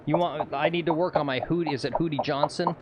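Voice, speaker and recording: A man's voice: a little high, fairly even intonation, fast talker, heavy background noise. A man hosting a casual golf livestream, rambling and reading viewer comments aloud. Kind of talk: casual live-stream chat. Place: outdoors on a golf course.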